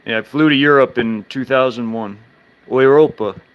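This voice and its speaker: Halting, rambling man chatting on stream. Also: medium pitch, clear, resonant tone, muffled recording. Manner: halting, many restarts and fillers, speech slurs when fast. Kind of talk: casual live-stream chat.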